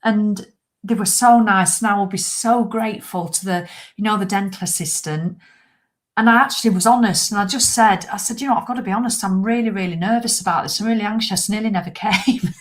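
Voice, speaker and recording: A woman's voice: medium pitch, fairly quick. A woman in her fifties chatting live to viewers, rambling, self-mocking and swearing for comic effect. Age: 50s. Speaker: livestream host. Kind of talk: casual live chat to viewers.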